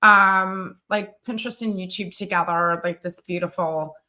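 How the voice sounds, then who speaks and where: A woman from the American South hosting a casual live-stream chat as a business coach, talking in an animated way with many fillers. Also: fairly low pitch, moderate pace. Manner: chatty, animated, frequent fillers and laughs. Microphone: studio live-stream mic.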